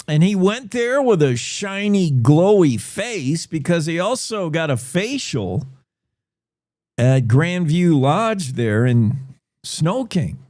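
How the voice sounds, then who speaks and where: A man hosts a morning radio show, chatting in a loose, rambling way and joking about himself. He talks at an unhurried pace, close to a dry studio mic, with faint music playing behind him. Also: a little high, darkish tone, dry recording. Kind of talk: casual radio talk.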